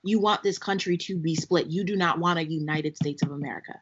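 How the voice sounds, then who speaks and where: A woman co-hosting a podcast in casual chat, speaking emphatically and deliberately, as if ranting. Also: on the low side, breathy edge. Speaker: podcast co-host. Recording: dull lo-fi sound.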